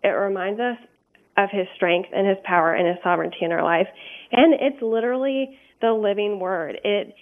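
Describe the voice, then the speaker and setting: A woman's voice: medium pitch, normal speed. A woman guest in a radio interview who speaks in an earnest, candid way and often says "um". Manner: earnest, candid, frequent ums. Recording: phone-like narrow sound.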